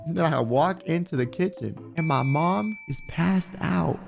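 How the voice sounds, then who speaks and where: A man with a somewhat high voice tells stories in a loose, animated way. He is slangy and swears freely. Faint music plays behind him. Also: measured pace, creaky. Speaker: streamer telling stories. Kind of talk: casual storytime.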